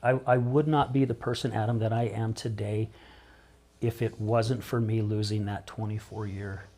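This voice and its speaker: A man's voice: on the low side, fairly even intonation, normal speed, warm tone. A middle-aged man speaking as a podcast guest, talking openly and emotionally with frequent restarts. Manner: emotional, open, rambling with repeated starts. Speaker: podcast guest, recovery coach. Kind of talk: candid interview conversation.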